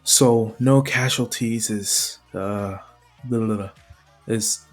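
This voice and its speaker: A man's voice: fairly low pitch, steady tone, slow, soft background music. A man casually retelling a fan story, rambling with many fillers and chuckles. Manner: rambling, full of fillers and laughs.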